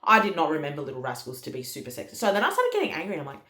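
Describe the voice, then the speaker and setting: A low-voiced woman tells a story in a casual, candid way, swearing freely and acting out her own past lines. Her pitch swings widely as she talks. The recording has a noticeable room echo. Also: huge pitch swings, brisk, sharp tone. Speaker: mother telling her birth story. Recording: echoey room.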